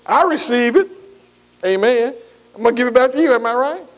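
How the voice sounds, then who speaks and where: A man's voice: very high-pitched, lively intonation, fairly quick. A man. He talks to the congregation in a folksy way, with call-and-response and many amens. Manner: folksy call-and-response preaching, frequent "amen". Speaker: pastor. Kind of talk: sermon.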